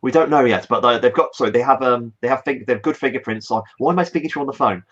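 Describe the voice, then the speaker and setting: A man's voice: mid-range voice, racing, fairly bright tone, lo-fi sound. A man playing a government adviser in a tabletop role-play, speaking earnestly and hesitantly. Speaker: player.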